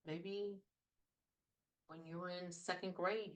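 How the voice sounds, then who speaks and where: A woman's voice: lowish voice, slow pace, long pauses. A woman hosting her own talk show as a trauma coach, giving advice in an earnest, conversational way and repeating phrases for emphasis.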